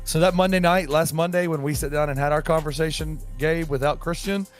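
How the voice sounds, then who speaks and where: A man co-hosting a casual sports podcast, with a voice gone hoarse from illness. He rambles and restarts his sentences, pitched a bit high, with faint music underneath. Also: fairly even intonation, a little fast. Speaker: podcast co-host.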